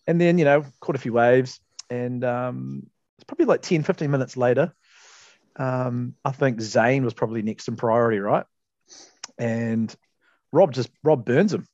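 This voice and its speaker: A man's voice: medium pitch, normal speed, a little mellow, dry recording, muffled recording. A man, co-hosting a podcast and telling a casual story, laid-back, laughing often and swearing freely. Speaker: podcast co-host.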